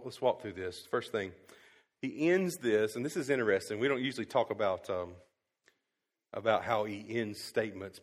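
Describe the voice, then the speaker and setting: A male pastor preaching a sermon, swinging from quiet to loud and emphatic. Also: fairly low pitch. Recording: long hall reverb.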